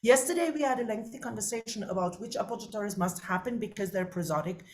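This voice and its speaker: Chatty woman teaching a singing masterclass. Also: medium pitch. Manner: lively, chatty, quick asides to students. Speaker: voice coach.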